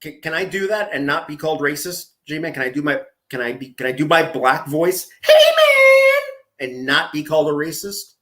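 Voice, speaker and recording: A man hosting a reaction commentary, talking in a sarcastic, taunting, drawn-out way. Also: on the high side, fairly bright tone, roomy sound. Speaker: commentary host.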